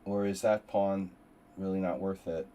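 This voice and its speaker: A man's voice: low voice, steady tone, measured pace, mellow, muffled recording. A man streaming a chess simul, thinking aloud through moves and bantering with chat in a wry, meandering way. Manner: muttering through move calculations, wry asides. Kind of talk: live chess commentary with chat.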